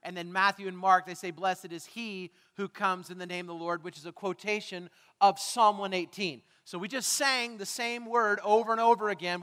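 Man, pastor, sermon, conversational with jokey asides, bright tone, reverberant church hall. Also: high voice. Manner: conversational, asks the congregation questions, self-deprecating asides. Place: church sanctuary.

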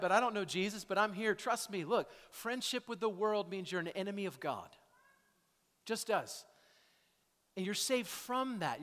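A man's voice: high voice, fairly bright tone. A male pastor preaching a sermon in a church, talking conversationally and often tagging his points with "right?" or "okay?". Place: church sanctuary. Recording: echoey hall.

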